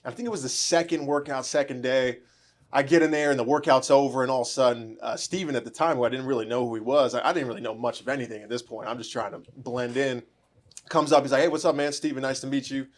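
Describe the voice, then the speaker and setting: A man telling a story in casual conversation, animated and laughing, acting out the dialogue. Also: medium pitch, quick pace.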